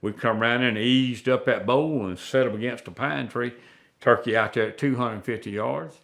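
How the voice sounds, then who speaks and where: A man spins hunting yarns in an easygoing, plainspoken drawl. His voice sits in an ordinary middle pitch, and he talks the way a country storyteller would on a sit-down podcast. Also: fairly even intonation, moderate pace, gravelly, a bit bright. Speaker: guest, veteran turkey hunter. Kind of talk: folksy storytelling.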